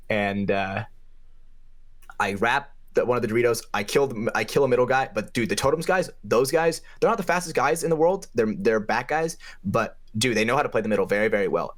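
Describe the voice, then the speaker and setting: A young man co-hosting a podcast, telling a game story in a casual, profane way, with his voice jumping up in pitch for emphasis. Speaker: podcast co-host and paintball player.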